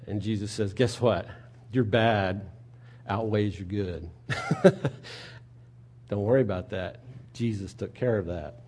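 A man preaching a sermon in a conversational way, asking rhetorical questions and moving between quiet and loud delivery. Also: fairly low pitch, fairly even intonation, a little slow, long pauses, husky. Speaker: pastor.

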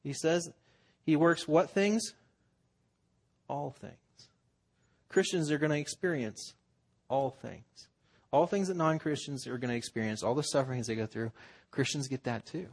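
A man preaches in a voice that sits a little above the usual male range. He talks to his congregation in an earnest, conversational way. He often breaks into quick acted-out quotes. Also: on the high side, lively intonation. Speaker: pastor. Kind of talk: sermon.

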